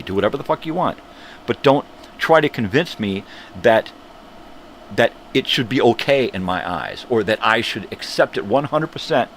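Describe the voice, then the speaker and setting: A man's voice: lowish voice, a little hiss or hum. An older man hosting his own morning show, ranting bluntly and profanely in a casual monologue. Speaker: host of a morning livestream show.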